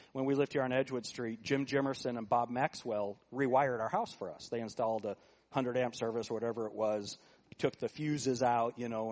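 Preaching in a mid-range voice, a middle-aged pastor alternates between hushed asides and loud, forceful points while asking the congregation rhetorical questions.

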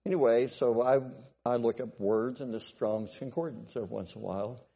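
A man's voice: medium pitch, fairly even intonation, fairly quick, dark tone, breathy edge, dull audio. A man preaching a sermon in a conversational way, often restarting and checking whether the congregation follows him. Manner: conversational, repeats himself, asks the congregation if they follow. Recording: long hall reverb.

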